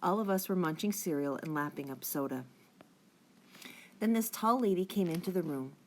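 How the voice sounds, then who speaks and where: A woman reads a children's chapter book aloud with a clear, steady storytelling manner. Her voice sits on the low side for a woman. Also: moderate pace, a little hiss or hum. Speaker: audiobook reader.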